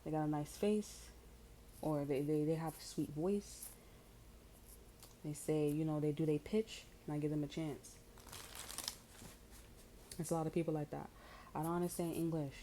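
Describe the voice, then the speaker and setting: A woman with a low, mellow voice gives a loose, chatty tarot reading. She is blunt and swears freely, and her talk is full of fillers. A faint noise sits underneath. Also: steady tone, a little slow, pauses often, poor audio. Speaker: tarot reader.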